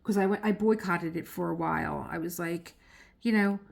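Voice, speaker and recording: Animated woman telling a story. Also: fairly low pitch, moderate pace, gravelly. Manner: animated storyteller acting out quotes with laughs. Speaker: vlogger. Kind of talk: casual storytelling vlog.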